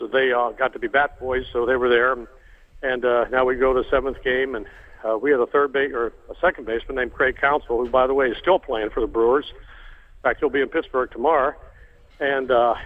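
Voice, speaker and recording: Older man telling a story over a tinny phone line. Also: medium pitch. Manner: halting, many fillers and restarts. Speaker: guest telling a family story. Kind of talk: emotional personal storytelling.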